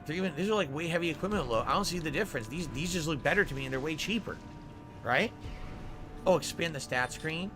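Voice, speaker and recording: Man, game streamer, slightly high voice, thinks aloud, game music behind. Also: lively intonation, fast talker. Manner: thinks aloud, reads out tips. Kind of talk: live gameplay stream chat.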